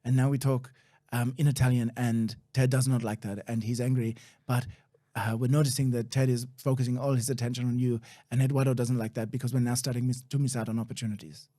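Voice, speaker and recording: Man putting on a low, earnest foreign man. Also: level tone, fast talker, mellow, no room sound, clean studio sound, lightly acted. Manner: hesitant, explaining in a rush. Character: earnest anxious foreign man confiding secrets.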